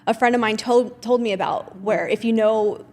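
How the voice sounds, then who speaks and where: A woman's voice: a little high, fairly even intonation, normal speed, a little mellow, big-room sound, soft background music. A woman hosting a podcast in casual chat, laughing often and telling stories with animation. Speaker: podcast host.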